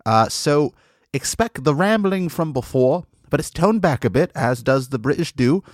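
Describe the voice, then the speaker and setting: A man's voice: fairly high pitch, lively intonation, normal speed, dry recording, studio quality. A man hosting a comedy show, rambling in an absurd, mock-formal way while putting on a fake British accent for laughs. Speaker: comedy podcast host.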